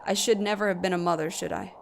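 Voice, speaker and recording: A woman's voice: fairly low pitch, big pitch swings, fast, gravelly, a little hiss or hum. A woman voicing a grieving young mother who talks bitterly and tearfully to a grave, swearing as she goes. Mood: bitter grief.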